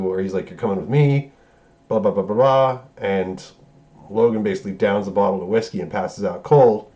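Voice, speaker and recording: Low-voiced man rambling through a profane movie recap. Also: darkish tone, dull audio. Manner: loose, profane, rambling retelling with self-corrections. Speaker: movie reviewer. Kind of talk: casual spoiler review recap.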